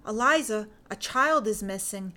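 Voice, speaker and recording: Earnest period gentleman detective, gets flustered asking questions, woman reading him in a story. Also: mid-range voice, animated, unhurried. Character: a man, a puzzled, earnest period investigator. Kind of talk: fan fiction audiobook reading.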